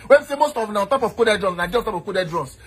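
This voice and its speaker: A man with a Nigerian accent, mixing Pidgin and Yoruba, ranting loudly and boastfully, now and then shouting or slipping into a sing-song. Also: sits high, lively intonation, quick pace, breathy edge. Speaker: eyewitness in a played clip. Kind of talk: heated rant.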